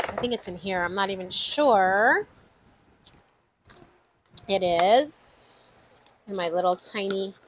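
A woman's voice: a little high, a little hiss or hum, poor audio. A woman hosting a casual budgeting vlog, chatting to viewers, counting numbers aloud and exclaiming often. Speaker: budgeting channel host. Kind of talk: casual savings-challenge vlog.

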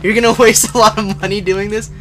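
A young man calls out a horror game live to his viewers, half joking and half spooked, and he yelps whenever something jumps at him. His voice sits a little high for a man. Steady background noise runs under the stream. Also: quick pace. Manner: jokey, jumpy, shouts when startled. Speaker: livestreaming gamer. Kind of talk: casual live gameplay commentary.

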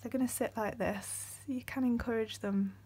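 Woman, breathy soft voice, beading tutorial host, often half-whispered. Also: a little high, fairly even intonation, normal speed. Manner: soft-spoken, many ums, often drops to a whisper. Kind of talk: step-by-step craft tutorial.

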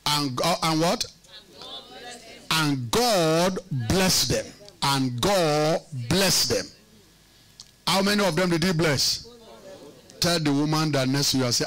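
A man's voice: on the high side, fairly bright tone. A man preaching a sermon as pastor, emphatic and teasing, using call-and-response questions and repeating words for effect.

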